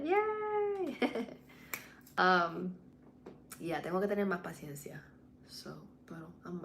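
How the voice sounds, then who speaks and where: Lowish-voiced woman chatting on a livestream. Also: a little hiss or hum. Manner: mixes english and spanish, swears freely, candid. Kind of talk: casual livestream chat. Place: home at night.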